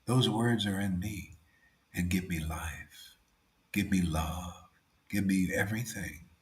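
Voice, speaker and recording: A man giving a devotional sermon in a casual way, saying 'see' and 'man', and swinging between loud emphasis and near-whispers. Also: sits low, takes it slowly, echoey room. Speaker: spiritual teacher.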